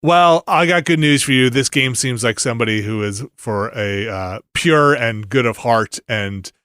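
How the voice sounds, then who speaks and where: A man's voice: medium pitch, normal speed, a bit bright, clean tone, no room sound, studio quality. A man hosting a casual podcast, joking and laughing through an ad read. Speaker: podcast host.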